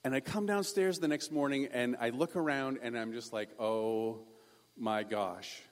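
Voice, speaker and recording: A pastor telling a personal story in a sermon, animated and self-deprecating. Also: male voice, mid-range voice, a little fast, in a large hall.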